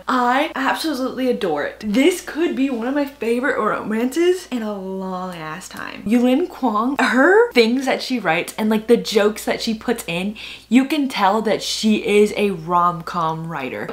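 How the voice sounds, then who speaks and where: A young woman chatting casually to camera in a book vlog, gushing and giggly, with lots of fillers. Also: medium pitch. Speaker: book vlogger.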